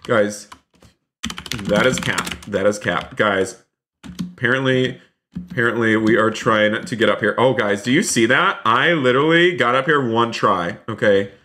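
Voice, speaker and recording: A man's voice: mid-range voice, a little slow, pushed and bright, a little hiss or hum. A man streaming a role-play game live, chatting to viewers and exclaiming often. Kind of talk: live gaming commentary.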